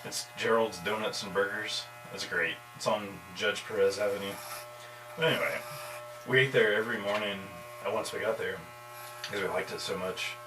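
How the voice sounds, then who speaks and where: A man getting his hair cut, chatting in a relaxed storytelling way. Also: fairly low pitch, moderate pace. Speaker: customer getting a haircut. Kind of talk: casual chat. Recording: echoey room, distant mic, electrical hum.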